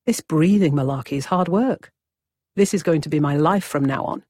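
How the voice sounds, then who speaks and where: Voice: mid-range voice, moderate pace, a little mellow, no room sound, clean studio sound. A narrator, reading a vivid, wry first-person story as scripted narration.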